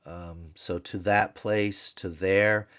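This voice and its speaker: Man, very low voice, patient tutor, repeats words for drill, muffled lo-fi sound. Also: steady tone, slow pace, a bit bright. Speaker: Biblical Hebrew tutor. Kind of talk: recorded grammar lesson.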